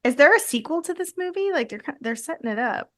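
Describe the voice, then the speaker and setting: A woman co-hosting a podcast, chatting casually about a horror movie, quick to agree and joke along. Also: sits high, animated. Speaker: podcast co-host. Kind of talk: casual movie commentary chat.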